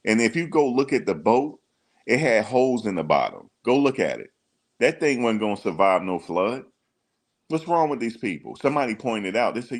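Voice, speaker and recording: A man's voice: medium pitch, animated, normal speed, long pauses. A man giving casual reaction commentary as an online host, emphatic and slangy and full of rhetorical questions.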